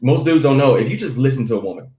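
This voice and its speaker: Man, comedian guest, quick talker, casual chat, roomy echo. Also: medium pitch. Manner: animated storytelling with acted quotes.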